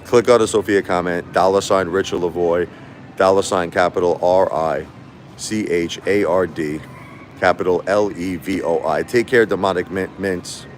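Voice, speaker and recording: Deep-voiced man rambling on a livestream. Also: moderate pace, a little hiss or hum. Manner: rambling, repetitive, animated when quoting others. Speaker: livestream host. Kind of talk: casual livestream storytelling.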